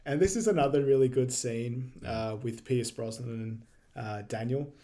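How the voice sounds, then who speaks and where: A mellow, medium-pitched man co-hosts a podcast, recapping a movie in casual chat. He laughs often and quotes scenes quickly.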